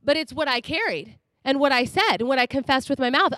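Chatty, animated female preacher with a high voice and a dry, close sound. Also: a little fast, dry recording. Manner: animated and chatty, laughs often. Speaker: speaker. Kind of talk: sermon.

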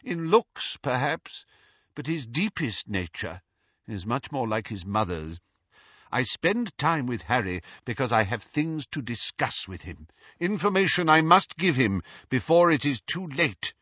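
A man voicing Dumbledore, a calm, wise old wizard. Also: medium pitch, no echo, lo-fi sound, voice pushed up, exaggerated voice. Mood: earnest. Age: older. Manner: calm, lightly wry, measured. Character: wise, gentle, very old male headmaster wizard. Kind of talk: audiobook character reading.

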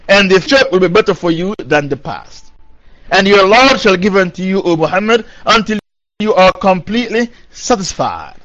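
A man with a high-pitched voice delivers a Quran commentary lecture, chanting Arabic verses before translating them into plain teaching. He drives his points home by repeating key phrases, and the recording sounds dull and lo-fi. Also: animated, moderate pace, fairly bright tone. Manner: recites Arabic verses, then translates and explains. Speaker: preacher.

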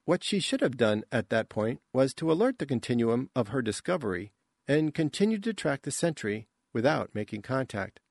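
Measured male audiobook narrator, dry booth. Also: medium pitch, sing-song, creaky, a little mellow, no room sound.

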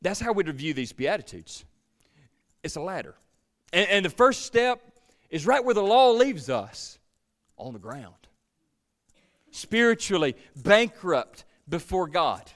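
A male pastor delivers a sermon in an earnest, emphatic way. His voice sits a little high for a man, and he repeats words as he builds his points, swelling loud and then falling to near quiet. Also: sing-song, unhurried, pauses often.

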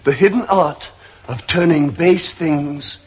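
A man's voice: fairly high pitch, takes it slowly, breathy edge. An actor playing a dim, eager young nobleman who speaks in a lofty, theatrical way. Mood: earnest. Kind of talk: sitcom acting.

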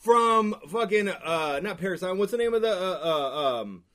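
A fairly high-voiced man chatting casually on a podcast. He mostly chimes in with short remarks and sometimes pauses to search for a word. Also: lively intonation, fairly bright tone. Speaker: podcast co-host. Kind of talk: casual chat.

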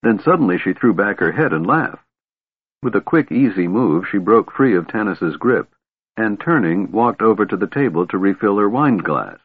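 A man's voice: fairly low pitch, animated, normal speed, husky, no echo. A man narrating a fantasy novel as an audiobook, with dramatic storytelling. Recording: tinny, narrow band.

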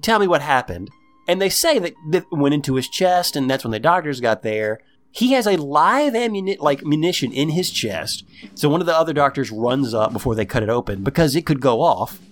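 A man casually recapping a TV episode for a podcast, acting out the characters in high, excited voices. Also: a little fast, soft background music. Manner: animated storytelling, acts out characters in high voices. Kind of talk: casual chat.

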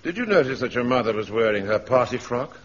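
An actor playing a mild, hesitant, polite sergeant in a radio comedy. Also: male voice, mid-range voice, expressive, fast talker, natural voice. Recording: dull archive radio recording with audience laughter.

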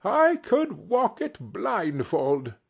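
A man doing a fervent old miser, pitched up high and husky, pleading with feeling in a storybook tale. The voice leaps about with emotion. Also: huge pitch swings, very slow, full character voice.

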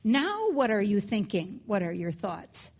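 A woman's voice: mid-range voice, sing-song, unhurried, a little mellow. A woman reading as a coaxing storybook servant. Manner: sing-song, coaxing. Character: concerned servant in a rhyming children's poem.

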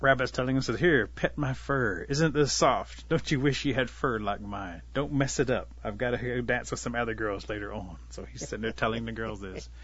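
A man's voice: mid-range voice, fairly bright tone, husky, dull audio. Man telling an animal folktale. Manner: unhurried folksy telling, voices the animals lightly. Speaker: storyteller. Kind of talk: oral storytelling of a traditional tale.

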